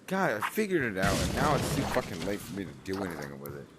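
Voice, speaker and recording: A man's voice: sits low, wildly swooping pitch, fast, very noisy. A young man giving casual gameplay commentary, swearing a lot and grumbling at the game in frustration. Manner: frustrated, profane, talks to the game. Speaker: gaming streamer.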